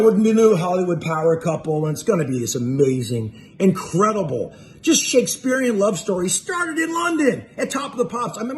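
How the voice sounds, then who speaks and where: A man with a notably high voice spins a casual anecdote about himself. He rambles and restarts, laughing at his own expense, in a loose monologue. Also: darkish tone, slight background noise. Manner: rambling, self-mocking, full of fillers. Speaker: musician telling a tour story.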